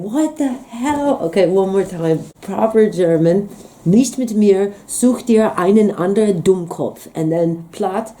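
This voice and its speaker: A woman's voice: mid-range voice, lively intonation, measured pace, mellow. An American woman, a young adult, talking casually in a vlog as she reads out phrases and reacts to them with amused disbelief. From United States. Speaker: vlogger. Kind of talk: casual language-learning vlog.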